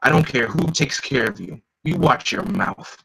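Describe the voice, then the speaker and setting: Man voicing a cocky young male antihero, taunting, slow, husky, comic read aloud. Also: mid-range voice, lively intonation, sharp tone, full character voice, rough recording.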